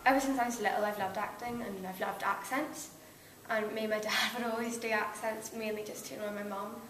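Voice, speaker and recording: A woman's voice: mid-range voice, fairly even intonation, a little fast, a bit bright, slight background noise. A young woman with a Northern Irish accent, chatting playfully as an actress guest in a casual interview. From Northern Ireland. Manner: giggly, playful, self-deprecating. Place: convention venue. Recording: echoey, picked up from a distance.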